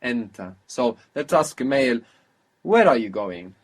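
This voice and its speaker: A man's voice: medium pitch, sing-song, moderate pace, slightly rough. A man teaching a language lesson, patiently prompting his student with questions and repeating the answers.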